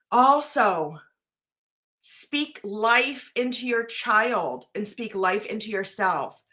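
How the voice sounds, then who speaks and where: A woman with a mid-range, sharp-toned voice speaks casually to camera as a life coach talking to her viewers. Her manner is earnest and conversational, peppered with "right?", and she briefly chokes up at times.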